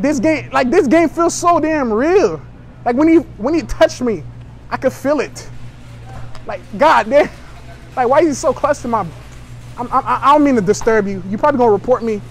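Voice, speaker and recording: A man's voice: extremely high pitch, expressive, moderate pace, pauses often, slight background noise. A young man chatting brashly to strangers in a store, joking and provoking as a prank vlogger. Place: inside a store.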